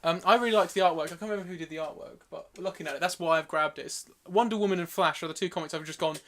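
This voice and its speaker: A man hosts a casual podcast in a high, fast voice. He is excitable and quick to burst into laughter or shouts. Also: a little hiss or hum. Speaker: podcast host. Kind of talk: casual chat.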